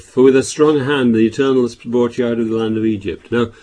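A man preaching a sermon, reading scripture aloud louder and explaining it with halting restarts and repeated words. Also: medium pitch, fairly even intonation.

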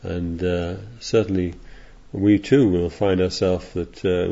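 This is a deep, dark, slow male voice delivering a rambling sermon full of digressions, with scripture read aloud as he goes. He addresses a congregation in California, and the recording sounds dull and lo-fi.

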